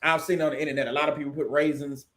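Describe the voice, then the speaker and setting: A man's voice: fairly high pitch, level tone, very fast, a bit bright. A man from the casually hosting a livestream, chatting with viewers and answering their comments, often laughing. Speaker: livestream host.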